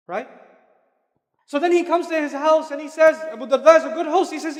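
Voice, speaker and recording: A man gives a religious lecture in a high voice, speaking casually and conversationally and weaving Arabic terms into his English. His talk rings out with the long reverb of a large hall. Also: fairly quick. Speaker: Islamic lecturer.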